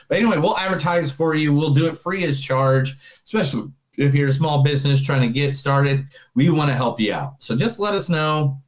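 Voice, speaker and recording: A man co-hosting a casual movie podcast, joking around and swinging between quick bursts and slow drawls. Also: on the high side. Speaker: podcast co-host.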